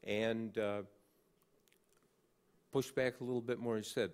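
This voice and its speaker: A man's voice: on the low side, flat delivery, measured pace, long pauses, clear, resonant tone. An older man giving an award acceptance speech, telling an anecdote with dry, wry humor. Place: large banquet hall with an audience.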